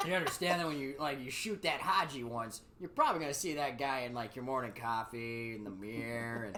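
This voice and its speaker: Animated, foul-mouthed man telling stories. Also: medium pitch, slight background noise. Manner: profane, animated, acts out quotes in raised voices. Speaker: podcast host. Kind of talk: casual storytelling chat.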